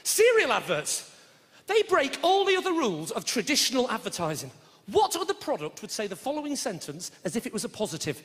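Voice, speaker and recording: A middle-aged man doing a brash, sweary live stand-up routine, shouting his punchlines. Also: very high voice, huge pitch swings, fairly quick. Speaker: stand-up comedian. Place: large theatre with audience. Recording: reverberant live hall with audience noise.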